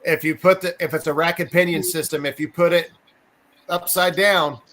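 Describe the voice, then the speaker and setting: A man's voice: on the high side, fairly even intonation, moderate pace, a bit bright. A man hosting a live stream, reading viewer comments aloud and chatting in an easygoing way with small restarts. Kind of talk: casual chat.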